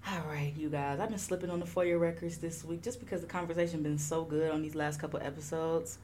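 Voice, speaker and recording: A woman's voice: deep voice, fast talker, a little hiss or hum. A young woman hosting a podcast, chatting casually with lots of laughter and swearing. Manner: animated, laughing, profane. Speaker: podcast host.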